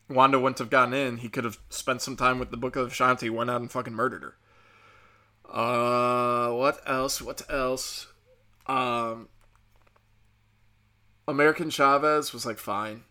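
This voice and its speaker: A man's voice: mid-range voice, steady tone, normal speed, pauses often, pushed and bright. Sarcastic, profane man ranting about a movie. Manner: profane, sarcastic, mocking impressions. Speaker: movie reviewer. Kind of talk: casual rant.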